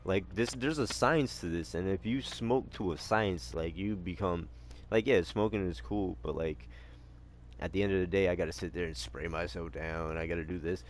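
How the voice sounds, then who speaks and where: A man in casual chat who tells stories in a profane, animated way. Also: low-pitched, normal speed, a little hiss or hum. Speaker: stream co-host.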